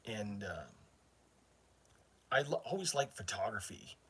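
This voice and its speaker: The northern Maine channel host, a middle-aged man, spins a long, meandering story for his live chat, chatty and prone to interrupting himself. His voice is fairly low, very animated and a little slow, a bit bright and slightly rough.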